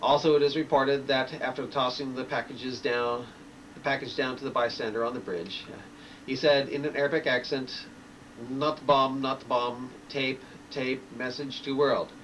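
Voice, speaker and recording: A man's voice: medium pitch, steady tone, normal speed, a bit bright, recorded from a distance, slight background noise, natural voice, poor audio. A man voicing a rambling male late-night radio talk host who stammers and restarts his phrases, reading from a story. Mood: worried.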